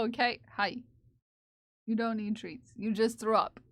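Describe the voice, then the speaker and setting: A woman's voice: fairly high pitch, steady tone, a little slow. A woman streaming live while knitting, chatting casually and playfully with her viewers and her cat, laughing often.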